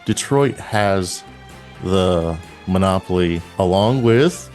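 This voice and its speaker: Low-voiced male co-host, rambling jokey chat, faint music under. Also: lively intonation, slow pace, a little mellow. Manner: rambling, joking, laughs often. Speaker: podcast co-host. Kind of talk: casual chat.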